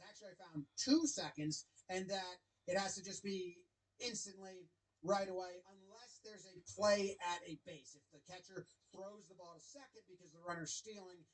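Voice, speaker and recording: A man's voice: high voice, husky, low-quality recording. A man giving wry, chatty play-by-play commentary over a baseball clip. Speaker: sports video commentator.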